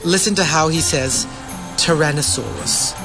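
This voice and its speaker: Excitable Filipino English-accented male host. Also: a little high, moderate pace, gravelly, over music. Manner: excitable, enthusiastic, mixes English and Tagalog. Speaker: radio show co-host. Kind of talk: casual chat.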